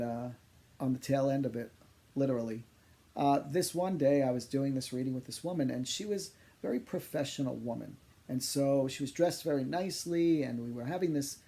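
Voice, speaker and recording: A man working as a psychic medium, telling funny personal stories in an animated, exaggerating way. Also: on the high side, creaky. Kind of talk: humorous personal storytelling.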